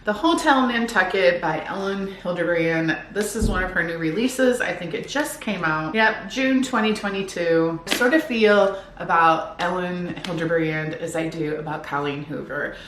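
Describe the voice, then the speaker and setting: A woman's voice: fairly low pitch, moderate pace, few pauses, a bit bright. A woman chatting upbeat and casually about her new books from home, sometimes reading back-cover blurbs aloud. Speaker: book vlogger. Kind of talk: casual book haul chat. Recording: echoey room, faint background noise.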